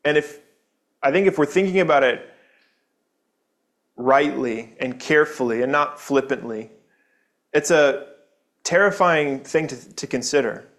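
A man's voice: fairly high pitch, a little slow, long pauses, fairly bright tone. A man giving a sermon in a church, speaking earnestly and conversationally, posing rhetorical questions to the congregation. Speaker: pastor. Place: church building.

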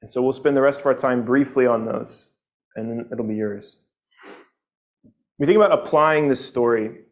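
A man's voice: medium pitch, moderate pace, pauses often. A man teaching a Sunday morning Bible lesson, earnest and conversational, often repeating words as he goes.

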